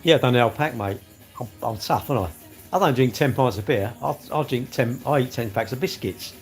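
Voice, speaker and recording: A man's voice: mid-range voice, a little fast. Chatty man live-streaming, faint music. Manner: chatty, bantering, answers comments aloud. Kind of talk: casual live-stream chat with viewers.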